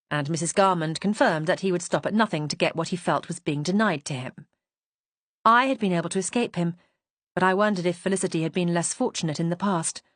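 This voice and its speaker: A woman's voice: fairly low pitch, no echo. A woman reading a first-person mystery audiobook in a composed, wry storytelling manner. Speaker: audiobook narrator.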